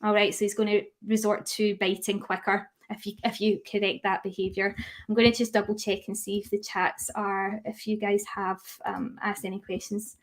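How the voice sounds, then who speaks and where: A woman's voice: medium pitch, flat delivery, normal speed. A young woman teaching a live online class on dog grooming, asking her audience questions and reading out their chat answers. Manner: chatty, asks the audience questions, reads out chat replies.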